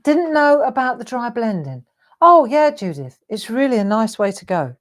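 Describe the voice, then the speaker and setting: A woman's voice: a little high, big pitch swings, normal speed. A woman hosting a live craft tutorial, chatting in a self-deprecating way while she colours in.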